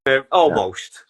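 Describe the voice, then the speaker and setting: A man hosting a podcast, asking questions hesitantly with lots of fillers and laughter. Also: medium pitch. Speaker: podcast host. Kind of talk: casual podcast chat.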